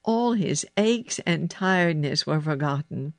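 A woman reads a children's storybook aloud, gentle and unhurried. Her voice sits low, her pace is slow, and the recording is dry and close. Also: expressive, no echo. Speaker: narrator. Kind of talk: storybook narration.

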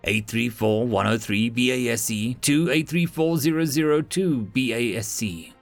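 A man voicing an excitable, pedantic human know-it-all who rattles off details eagerly, in a narrated story. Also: medium pitch, normal speed, soft background music, lightly acted.

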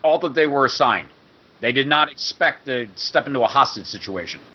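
Bright-voiced man reading his adventure. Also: mid-range voice, animated, brisk, husky, highs cut off. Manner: explains patiently, adds background details. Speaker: player presenting an adventure draft. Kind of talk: casual chat and story read-aloud.

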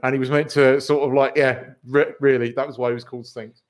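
Male podcast host, mid-pitched, chatty and meandering, swears casually. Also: little pitch movement, fast talker. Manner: rambling, self-correcting, swears casually. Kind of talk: casual film chat.

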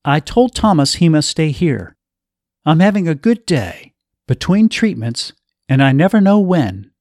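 A man's voice: fairly high pitch, very animated, unhurried, a little mellow, no echo, clean studio sound. A man reading the part of a young woman facing terminal illness, tender and brave.

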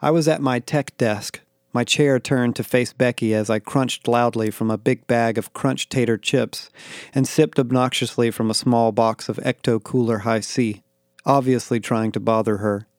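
A man narrating first-person audio fiction with wry, deadpan asides. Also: mid-range voice, normal speed, no echo, studio quality.

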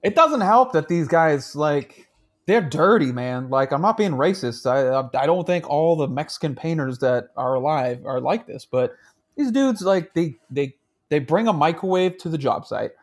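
A man's voice: a little high, expressive, moderate pace. A man co-hosting a podcast in casual chat, laughing often and swearing freely. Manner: laughing, crude banter. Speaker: podcast co-host. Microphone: handheld mic.

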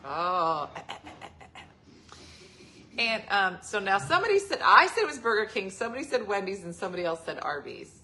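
A woman in her forties tells family stories on a casual show, her voice bright and swinging widely in pitch. She laughs often as she talks, with a faint hum behind her. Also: moderate pace, pauses often. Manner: laughing, animated storyteller. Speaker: host. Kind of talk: casual storytelling chat.

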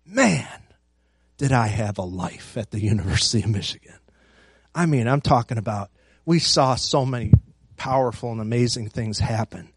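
A man's voice: mid-range voice, expressive, moderate pace, slightly rough, no room sound. A man preaching a sermon as pastor, emphatic, repeating phrases and building force.

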